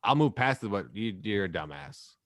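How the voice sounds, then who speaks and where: Man, podcast co-host, low voice, dry, rambling, swears a lot. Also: moderate pace, no echo. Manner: animated, rambling, swears freely. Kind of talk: casual chat.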